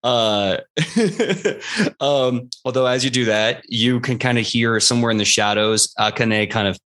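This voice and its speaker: Give me a mid-pitched man running a tabletop game with loose, rambling narration. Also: measured pace, a bit bright. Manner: loose, rambling descriptions with fillers. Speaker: game master.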